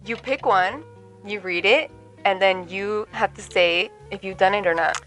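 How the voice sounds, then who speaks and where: A woman's voice: mid-range voice, a little slow, fairly bright tone, faint music behind, low-quality recording. A young woman and ESL teacher co-hosting a casual chat podcast, loose and chatty, often laughing.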